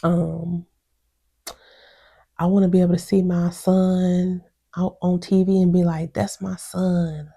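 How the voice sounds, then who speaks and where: A woman's voice: on the low side, takes it slowly, vocal fry, pauses often. A woman reviewing a reality show episode in a casual, outspoken vlog, full of slang and laughter, acting out what others said. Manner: chatty and animated, quotes others with mimicry.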